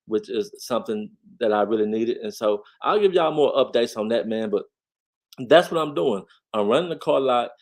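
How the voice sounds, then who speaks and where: A man hosting a casual commentary, talking straight to his viewers and repeating phrases for emphasis. He stresses points by swinging his voice up and getting louder. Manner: lively swings in pitch and loudness when stressing a point. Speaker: commentary channel host. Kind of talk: casual commentary on online drama.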